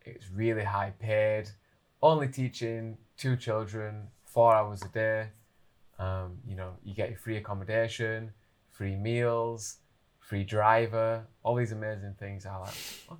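Man telling a story in a low voice. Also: unhurried. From England. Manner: animated, filler-heavy anecdote telling. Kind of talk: casual storytelling.

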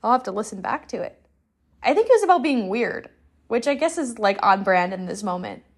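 A woman's voice: medium pitch, big pitch swings, brisk, breathy edge. A young adult woman, hosting a solo podcast in a loose, candid, rambling way with lots of "like". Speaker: podcast host.

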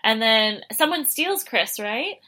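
A woman's voice: on the high side, lively intonation, slow, bright, forceful tone. A young adult woman co-hosting a podcast, chatting casually, saying "like" often and keeping the recap moving. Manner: casual, laughing, says "like" a lot, keeps the recap moving. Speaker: podcast co-host. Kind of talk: casual chat.

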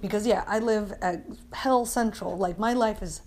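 A woman's voice: mid-range voice, moderate pace, darkish tone, a little hiss or hum. A young adult woman talking alone on her podcast in a casual, rambling way, blunt and full of swearing and fillers like "like".

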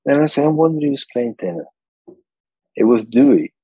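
A man's voice: mid-range voice, brisk, slightly rough, no echo, poor audio. An older man, an interview guest telling stories, laughing often and acting out quotes. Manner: animated storyteller, laughs often, acts out quotes. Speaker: interview guest, saxophone repairman. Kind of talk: casual interview chat.

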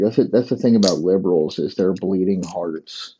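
Low, dark-voiced man ranting profanely. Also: normal speed, few pauses, highs cut off, slight background noise. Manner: rambling, profane, provocative. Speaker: podcast host. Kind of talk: solo comedic rant.

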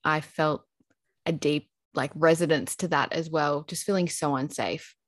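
Low-voiced young woman co-host, dry sound. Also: fairly even intonation, measured pace, no echo. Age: young adult. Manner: reflective, searching for words, laughs softly. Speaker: podcast co-host. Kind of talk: casual chat.

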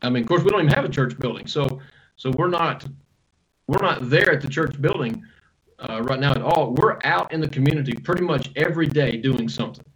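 A pastor, answering interview questions in a relaxed, storytelling way with self-deprecating humor. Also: male voice, medium pitch, brisk, poor audio.

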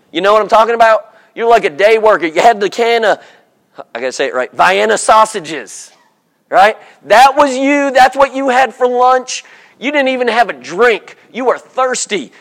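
Male preacher, high voice, jokey storyteller, sermon in church. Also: a bit bright. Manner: humorous, storytelling, acts out voices.

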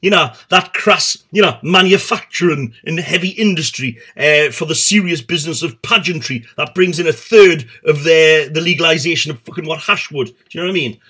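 A man's voice: fairly high pitch, a little fast, few pauses, sharp tone, breathy edge. A middle-aged man hosting a satirical comedy show, rambling and swearing with stumbling restarts.

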